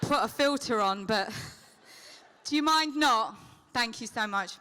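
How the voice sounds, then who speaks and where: A woman with a high voice teases a live convention crowd in quick comic banter. Her tone is bright and forceful, and she speaks into a handheld microphone from the stage. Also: clear, resonant tone. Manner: teasing, playful comic patter. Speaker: celebrity convention guest.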